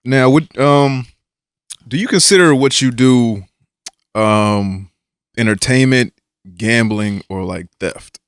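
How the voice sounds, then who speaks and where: A man's voice: mid-range voice, slow pace, pauses often, clean tone, no room sound, studio quality. A man hosting a podcast, asking questions in a laid-back, casual way and often murmuring agreement. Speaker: podcast host. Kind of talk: casual interview chat.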